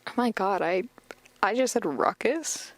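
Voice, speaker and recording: A woman's voice: mid-range voice, expressive, measured pace, no room sound. A young woman hosting a podcast, recapping a cartoon episode in a rambling, chatty way full of fillers. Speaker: podcast host.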